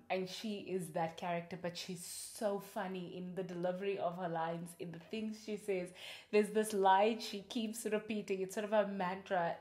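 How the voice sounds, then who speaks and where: A woman host chatting casually about films, animated and quick to laugh, with many fillers. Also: medium pitch, echoey room. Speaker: podcast host. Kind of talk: casual film review.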